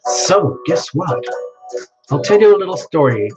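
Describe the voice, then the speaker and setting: A man's voice: on the high side, lively intonation, normal speed. Playful chatty man on a stream. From United States. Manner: chatty and playful, laughs often, reads out viewer names. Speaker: tarot reader hosting a live stream. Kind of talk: casual live-stream chat greeting viewers. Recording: dull lo-fi sound with music behind. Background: music playing.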